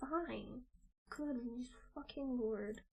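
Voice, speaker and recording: A young woman streams live, venting her frustration aloud with plenty of swearing. Her voice sits high, and she draws her words out slowly. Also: vocal fry, a little mellow, husky, muffled recording. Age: young adult. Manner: exasperated, swearing, ranting to herself. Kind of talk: casual live-stream chat.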